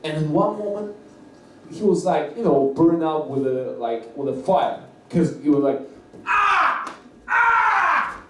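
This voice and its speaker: A Russian-accented man works through a stand-up set, stumbling and restarting his phrases with little giggles in between. His fairly high voice rings through a very echoey room, picked up from some distance with a faint hiss underneath. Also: normal speed, dark tone. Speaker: stand-up comedian. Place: comedy club open-mic stage.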